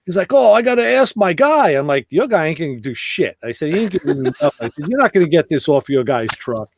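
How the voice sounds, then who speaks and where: A man's voice: on the high side, quick pace, husky. A man hosting a podcast, telling stories in a casual chat and acting out the other people's lines. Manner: animated, acts out dialogue in voices. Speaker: podcast host.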